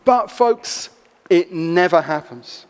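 A man preaching a sermon, telling a story in an animated, expressive way. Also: sits high, slow pace, smooth. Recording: long echo of a large hall.

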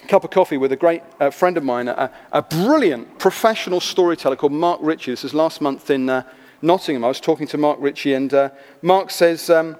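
A man preaching a sermon, telling a story in an animated, expressive way. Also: a little high. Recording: long echo of a large hall.

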